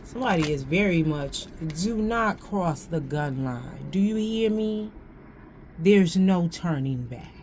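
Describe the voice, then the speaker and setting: A tarot reader with a slightly low, darkish voice and lively intonation gives a casual reading at a slow, unhurried pace, dwelling on each card. Her talk is slangy and loose, repeating phrases as she works things out, with a faint room hum behind her.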